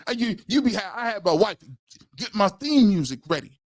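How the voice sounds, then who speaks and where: This sports talk host, a man in his forties, does comic stories on a live stream and imitates the voices of the characters involved. He speaks a little fast in a high, expressive voice, with studio quality and no room sound.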